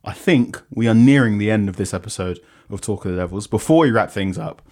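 Young guy hosting a football podcast, fairly low voice, upbeat. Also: fairly quick, a little mellow. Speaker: podcast host. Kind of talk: casual podcast chat.

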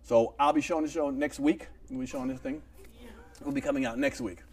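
A man hosting a casual comedy talk show, telling jokes with lively acted-out voices. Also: mid-range voice, fairly quick, far from the mic, slight background noise. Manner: animated joke-telling with shouted voices and laughs. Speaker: host.

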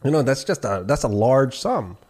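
A man in casual podcast chat, telling a story in animated, slangy bursts with many restarts. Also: mid-range voice, normal speed.

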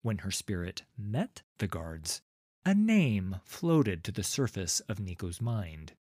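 A man reading a fantasy story aloud as narrator, in a lively, unhurried way. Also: lowish voice, no room sound, clean studio sound.

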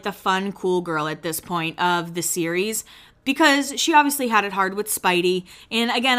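A podcast host recaps a reality show in gossipy, casual commentary, acting out quotes in shifting voices with an occasional casual swear. The woman's voice is medium in pitch and a bit bright.

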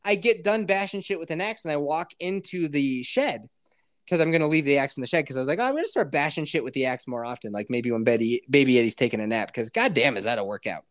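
A man in his thirties tells a long story in casual podcast chat. His pitch moves all over the place, and his talk is profane and full of laughter. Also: quick pace. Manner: profane, animated, laughs often.

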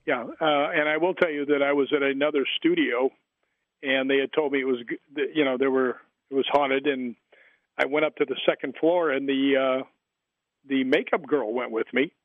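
A man's voice: mid-range voice, dry recording. A man who wrote a book on the paranormal, telling long rambling anecdotes as a guest in an interview. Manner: rambling anecdotes with many fillers and restarts. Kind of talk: storytelling in an interview. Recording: tinny phone line, dry.

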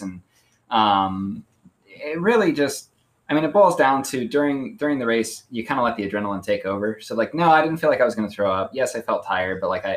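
A man co-hosting a casual podcast chat about running. He rambles with many fillers and pokes fun at himself. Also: lowish voice. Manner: rambling, lots of fillers like "like" and "um", self-deprecating. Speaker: podcast co-host.

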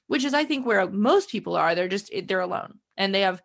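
A woman's voice: medium pitch, expressive, fairly quick, vocal fry, few pauses. A woman hosting a podcast, talking earnestly in casual conversation and reading a sponsor spot. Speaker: podcast host.

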